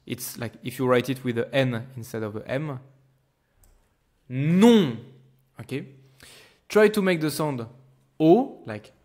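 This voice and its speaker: In a mid-range, slightly mellow voice, a man teaches pronunciation as a language teacher, patiently drawing out each sound so the learner can follow.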